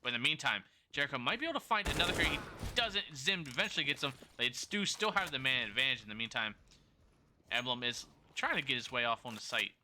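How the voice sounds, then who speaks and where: A man's voice: medium pitch, very animated, bright, forceful tone, slight background noise. A man casting a competitive shooter match alone as play-by-play commentator, his throat sore, correcting himself as he goes and chatting with viewers between rounds. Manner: rapid play-by-play with self-corrections and chat banter. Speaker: esports caster. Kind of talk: solo play-by-play commentary, chatting with live chat.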